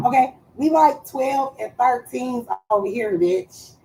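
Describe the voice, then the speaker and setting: Woman streamer, high voice, unhurried delivery, crude and teasing chat, faint noise behind. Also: poor audio. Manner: animated, profane and teasing. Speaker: live streamer.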